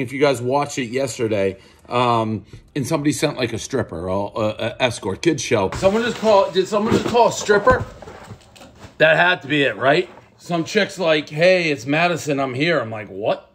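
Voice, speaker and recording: A man giving a casual, rambling and profane pizza review, telling stories as he eats. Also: a little high. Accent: Boston. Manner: rambling, profane, animated storytelling.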